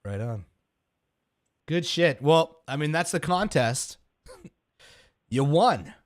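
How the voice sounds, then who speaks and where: A man co-hosting a podcast, loud and laughing, swearing through casual banter. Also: fairly high pitch, very animated, takes it slowly, no echo, studio quality. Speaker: podcast co-host.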